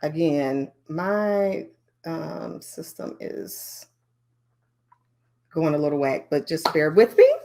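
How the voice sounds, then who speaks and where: A woman leading a conference training session on learning design, talking in a lively, chatty way with many fillers and asides. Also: low-pitched, slow pace, long pauses.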